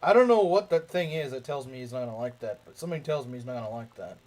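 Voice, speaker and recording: Playing a strategy game for his let's play stream, a young man rambles, repeats himself and jokes with his chat. His voice is medium in pitch, expressive, a little mellow, and fast.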